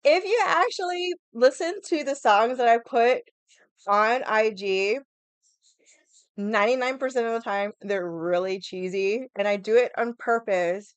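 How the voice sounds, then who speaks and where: A woman's voice: on the high side, a little slow, smooth, no room sound. A young woman chatting casually with viewers on a livestream, rambling, swearing freely and laughing often. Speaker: livestream vlogger.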